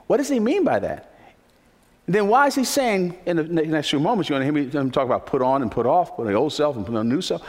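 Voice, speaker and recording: A man's voice: a little high, expressive, fast talker, darkish tone. Emphatic male preacher in a reverberant hall. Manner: emphatic preaching, repeating key phrases. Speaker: pastor. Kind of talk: sermon. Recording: long reverb of a large hall.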